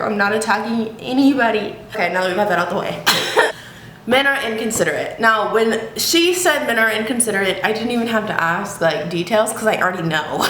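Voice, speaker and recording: In an echoey room with a faint hiss behind her, a woman vlogs to camera from home. She is a YouTuber, and her mid-range voice is a bit bright as she chats casually, laughing often and not shy about profanity.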